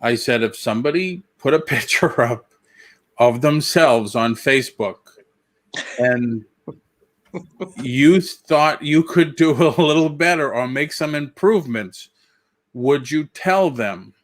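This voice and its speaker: A man's voice: medium pitch, lively intonation, takes it slowly. A man co-hosting a live online chat, joking and teasing the others in a casual way. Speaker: co-host of a reselling live show.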